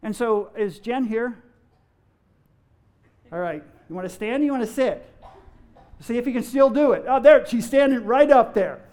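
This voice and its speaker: High-voiced man preaching a sermon. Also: expressive, normal speed, pauses often, darkish tone. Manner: storytelling, emphatic, addresses the congregation. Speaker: pastor. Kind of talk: sermon with a joke.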